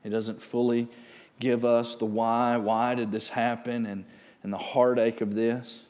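Male pastor, sermon delivery, slow and deliberate, mid-range voice, swells to fervent emphasis. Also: mid-range voice, big-room sound. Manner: slow, rising to loud animated preaching.

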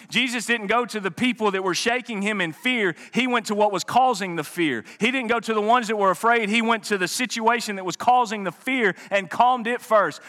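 A man preaching a sermon with passion, swinging from loud rises to hushed, quiet drops. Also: sits high. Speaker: pastor.

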